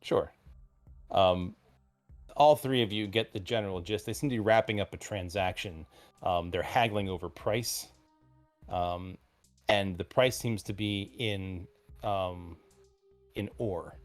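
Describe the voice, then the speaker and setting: A man runs a tabletop game as game master, describing the scene at a slow, measured pace. His voice sits low, and he fills pauses with ums. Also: soft background music. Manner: unhurried, with many ums.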